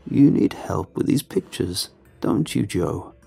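Croaking, creepy frail creature, as a male narrator puts him on, slow and low, dark husky tone, storybook horror. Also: lively intonation, exaggerated voice. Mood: menacing. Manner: slow, drawn-out, eerie.

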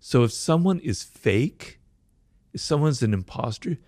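A man explaining ideas as a guest in an interview. He talks fast and with animation and keeps asking rhetorical questions. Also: mid-range voice, animated, a little mellow, no room sound, clean studio sound.

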